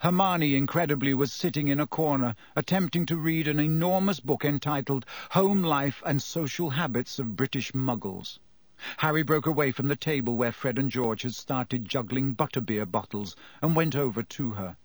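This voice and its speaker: A man's voice: medium pitch, normal speed, no echo. Man narrating an audiobook, dry sound. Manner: lively, dramatic storytelling.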